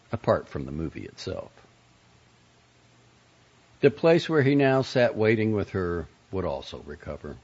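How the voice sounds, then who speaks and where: A man reads aloud in a low, slightly husky voice, his measured narration rising and falling with plenty of melodic movement. The recording sounds dull and lo-fi. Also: darkish tone. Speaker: reader of magazine pieces. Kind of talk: scripted narration of fiction and an essay.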